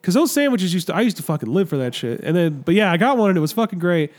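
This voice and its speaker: High, quick-talking young man, self-mocking. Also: very animated, a little mellow. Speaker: podcast co-host. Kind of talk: casual crude banter.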